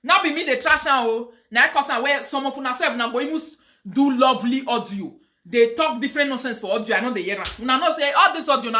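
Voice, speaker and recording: A woman's voice: high voice, fast, sharp tone, slight background noise. A woman with a Nigerian accent ranting on a live video, mixing pidgin, chanting curses and prayers with fire. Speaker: online video host.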